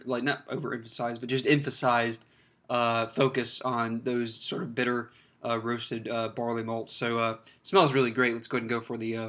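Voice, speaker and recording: A man's voice: medium pitch, a bit bright. A man giving a casual, rambling beer review, full of fillers and restarts. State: slightly choked up, clears throat.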